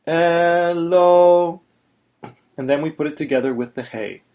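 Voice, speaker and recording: A man's voice: mid-range voice, fast talker, gravelly, mellow. A man teaching Torah chanting in a plain, patient voice, stopping to sing short chanted examples. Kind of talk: instructional video narration.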